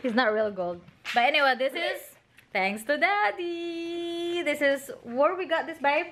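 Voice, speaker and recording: A woman, chatting excitably and laughing often as a mother in a casual family vlog. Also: sits high, unhurried. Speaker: vlogger mom.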